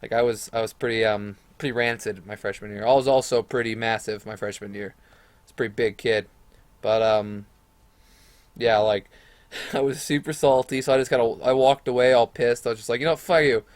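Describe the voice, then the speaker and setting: A man's voice: mid-range voice, brisk, dry recording. Young man, casual storytime vlogger, rambling and crude, dry close mic. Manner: rambling, profane, animated retelling with quoted voices.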